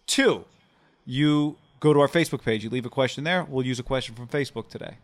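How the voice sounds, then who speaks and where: A man co-hosting a sports podcast, reading ads and mailbag questions in a brisk, casual way. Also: mid-range voice. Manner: brisk, upbeat ad reads and loose banter. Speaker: podcast co-host.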